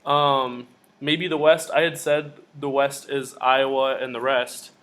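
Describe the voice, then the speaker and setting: A young man co-hosting a casual college football podcast, talking in an excitable way. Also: medium pitch, unhurried. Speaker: podcast co-host. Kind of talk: casual sports chat.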